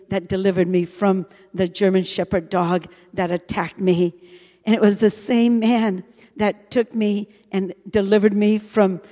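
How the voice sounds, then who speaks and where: A woman's voice: medium pitch, warm tone. Earnest woman preaching in a reverberant hall. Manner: earnest storytelling with many "you know" fillers. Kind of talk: testimony sermon.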